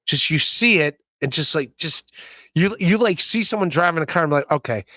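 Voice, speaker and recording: A man's voice: a little high, animated, moderate pace, sharp tone, no room sound, studio quality. A man hosting a podcast, talking casually in a rambling way, with many fillers and restarts. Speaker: podcast host. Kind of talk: casual chat.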